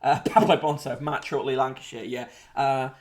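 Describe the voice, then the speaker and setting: A man's voice: medium pitch, fairly even intonation, a little fast. A man hosting a casual live-streamed newspaper review, sardonic and rambling, with lots of ums and uhs. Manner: sardonic, rambling, with frequent fillers. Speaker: host.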